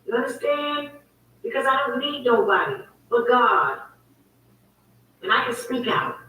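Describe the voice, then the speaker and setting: A woman's voice: on the high side, animated, unhurried, pushed and bright, slight background noise. Woman ranting on her livestream show, heated and repeating herself, sounds far off the mic w/ a roomy echo. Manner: emphatic, repetitive, heated storytelling. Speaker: host of her own online talk show. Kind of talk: casual livestream monologue.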